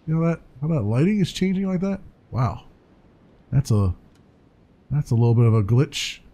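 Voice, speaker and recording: A man's voice: mid-range voice, sing-song, normal speed, dark tone. A man casually commenting while playing a video game, chatty and wondering aloud. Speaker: let's play commentator.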